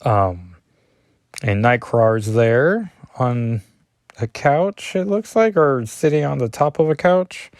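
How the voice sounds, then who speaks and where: A man's voice: medium pitch, animated, takes it slowly, a little mellow, no room sound, clean studio sound. A man casually reading through a comic issue as a reviewer, rambling with chatty asides and self-deprecating remarks.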